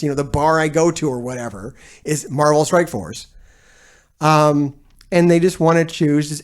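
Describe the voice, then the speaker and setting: A man's voice: fairly high pitch, steady tone, unhurried. A man hosting a gaming stream, talking casually to his chat in a blunt, profane and exasperated rant that rambles with restarts and frequent laughs. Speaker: gaming streamer and video host. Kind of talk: casual ranting commentary to a live chat.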